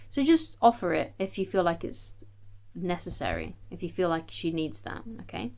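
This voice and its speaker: A woman's voice: fairly low pitch, very animated, moderate pace, a little mellow. A woman, a dating coach, giving chatty, emphatic advice straight to camera and often checking in with "okay?". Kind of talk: direct-to-camera advice talk.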